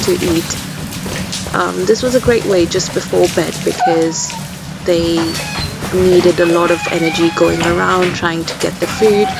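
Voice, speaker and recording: Chatty young mother narrating, lower pitch. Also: vocal fry, very noisy. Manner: chatty, many fillers. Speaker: vlogger. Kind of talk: casual voice-over narration.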